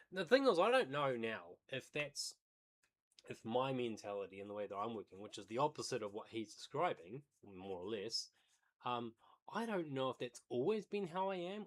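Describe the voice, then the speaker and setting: Man musing aloud about trading. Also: fairly low pitch. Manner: thinks aloud, hedging and explaining. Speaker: day trader streaming and reacting to a video. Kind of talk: casual livestream commentary.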